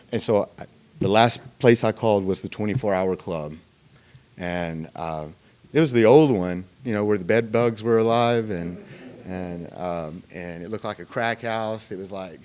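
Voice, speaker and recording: A man telling his recovery story to a meeting in a loose, conversational way. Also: fairly low pitch. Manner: conversational storytelling, many fillers and pauses. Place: meeting room.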